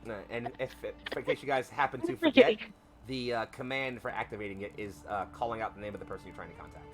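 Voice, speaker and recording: A man narrating as game master in a tabletop game, relaxed and sometimes stumbling over his words. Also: mid-range voice, fast talker, a crowd in the background.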